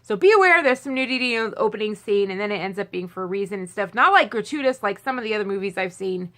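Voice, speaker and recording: A woman chatting casually to camera as a movie vlogger, rambling with lots of fillers and restarts, and bursting into excited squeals. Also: medium pitch, fast talker.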